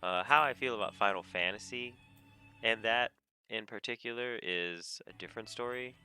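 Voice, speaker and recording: A man giving a casual, rambling rant about video games on a desk mic, animated and often laughing. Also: lowish voice, normal speed. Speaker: gamer vlogger. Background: faint game music.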